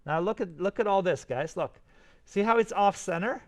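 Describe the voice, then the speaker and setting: A man walks his class through a software tutorial as he records his screen. His voice sits a little high, and he keeps up a running, excited commentary on each step. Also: moderate pace. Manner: enthusiastic, talks to students while clicking through steps. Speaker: teacher.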